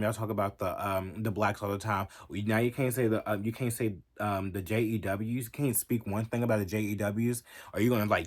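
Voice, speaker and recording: Man ranting in a low voice. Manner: profane, heated, emphatic. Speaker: vlogger. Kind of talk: ranting reaction commentary.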